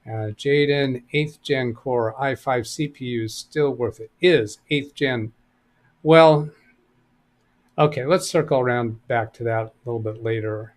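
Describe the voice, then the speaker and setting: With a medium-pitched voice and a measured pace, this middle-aged live-stream host works through viewer chat, answering computer questions as he casually thinks aloud.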